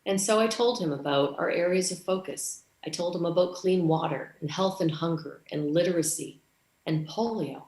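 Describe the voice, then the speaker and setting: Low-voiced Canadian woman telling a story. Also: normal speed, reverberant. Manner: warm storyteller, acting out dialogue. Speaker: conference speaker. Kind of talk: storytelling keynote speech.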